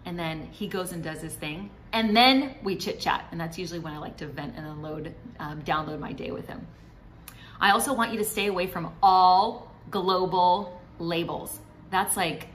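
A woman's voice: on the low side, moderate pace, low-quality recording. A middle-aged woman vlogger giving marriage advice in a chatty, encouraging way, now and then acting out what a spouse might say. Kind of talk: direct-to-camera advice talk.

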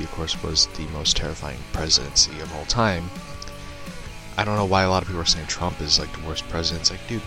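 A man's voice: sits low, gravelly. A young man giving a rambling, profane opinion rant and chuckling between remarks. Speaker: online commentator.

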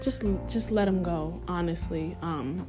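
A woman's voice: on the low side, unhurried, dark tone. Young woman podcast host, casual and chatty, stops herself mid-thought, repeats key points for emphasis; faint music bed. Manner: chatty, self-interrupting, playful asides; emphatic, repeats advice for stress. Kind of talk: casual reflective monologue.

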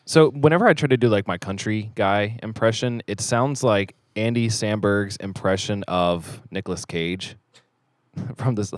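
A man's voice: fairly low pitch, a little slow, dry recording, clean studio sound. A man co-hosting a casual podcast, joking and playful, rambling from one thought to the next. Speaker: podcast co-host. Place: small studio room in a theater.

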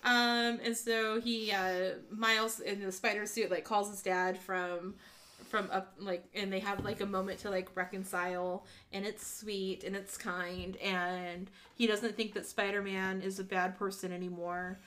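A woman's voice: mid-range voice, a little slow. A woman co-hosting a casual podcast, walking through a movie's plot. She acts out characters' lines as she goes and laughs often. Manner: animated retelling, acting out lines, frequent laughs. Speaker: podcast co-host. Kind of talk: casual movie recap chat.

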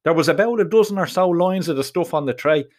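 A man with a thick Dublin Irish accent tells his story in first person, earthy and full of swearing and local slang. His voice sits a little on the high side for a man. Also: fast. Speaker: narrator. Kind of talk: first-person audiobook narration.

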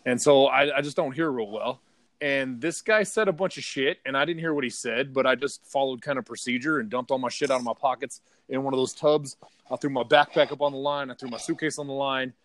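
A man's voice: medium pitch, a little fast, a bit bright, no room sound. A man co-hosting a podcast, telling a heated, profane story in casual chat. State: partly deaf in left ear. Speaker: podcast co-host.

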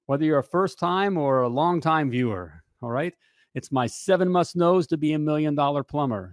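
A man in his fifties hosts a live talk show with a fairly high voice and a punchy, hyped-up delivery. He keeps tossing in "hey" and "all right" as he rallies his viewers. The sound is close and dry. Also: no room sound. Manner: energetic hype, peppered with "hey" and "all right".

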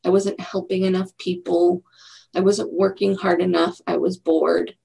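Middle-aged woman, lowish gravelly voice, talking candidly about her life, reflective and steady. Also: unhurried, rough recording. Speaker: guest. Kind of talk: casual interview chat.

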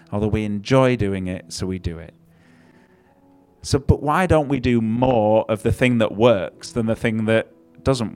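A man's voice: fairly low pitch, darkish tone. A man preaching a conversational sermon with wry, self-deprecating asides.

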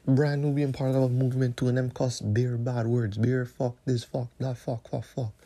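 A male podcast host rants on his own, swearing constantly and repeating his points in street slang. His voice is mellow and mid-pitched, and he pushes hard at his listeners. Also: little pitch movement, normal speed. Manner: profane, slang-heavy, repetitive, confrontational. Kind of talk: solo podcast rant.

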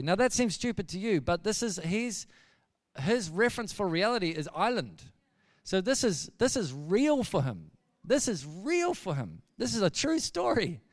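A man preaching a sermon, telling a story in a casual, animated way and speaking straight to his listeners. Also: sits high, no echo, studio quality, long reverb tail.

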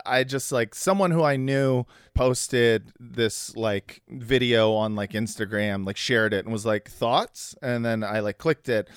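A man chatting casually and comedically, rambling along with plenty of fillers and laughter. His voice is smooth and clear, with a mid-range pitch. The recording is close and dry. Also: no room sound.

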